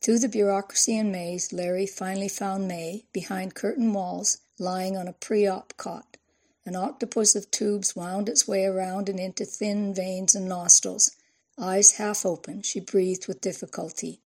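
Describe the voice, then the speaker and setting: A woman narrates a novel in a measured, even way. Her voice has a gravelly texture with a husky, breathy grain. She reads at a steady storytelling pace. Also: medium pitch. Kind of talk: audiobook narration.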